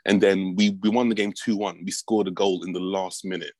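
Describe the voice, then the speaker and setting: Chatty low-voiced British man. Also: a little fast, low-quality recording. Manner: chatty, says "mate" a lot, animated storytelling. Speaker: podcast guest. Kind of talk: casual chat.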